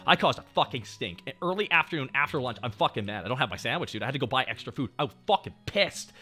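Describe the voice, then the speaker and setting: Lively, bright-voiced male streamer. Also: medium pitch, fast talker, husky. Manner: animated, profane, swings between muttering and shouting. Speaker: VTuber streamer. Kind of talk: casual storytelling on stream.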